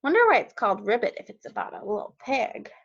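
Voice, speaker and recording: A woman, a kindergarten teacher, reading a storybook aloud to young children and gently asking them questions along the way. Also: medium pitch, expressive, fast talker, creaky, breathy edge. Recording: dull lo-fi recording.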